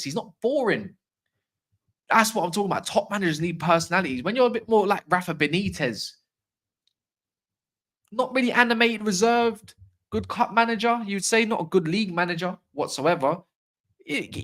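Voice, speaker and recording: A man hosting a casual football livestream, ranting with strong opinions and slangy asides while answering chat comments. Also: on the high side. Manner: opinionated, animated, slangy football-fan rant. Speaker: fan channel livestream host.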